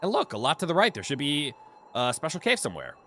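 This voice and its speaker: A man's voice: a little high, wildly swooping pitch, pushed and bright, a little hiss or hum. A man streaming a video game, chatting casually and playfully with his viewers. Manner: goofy, playful, quick laughs. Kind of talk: casual gameplay commentary.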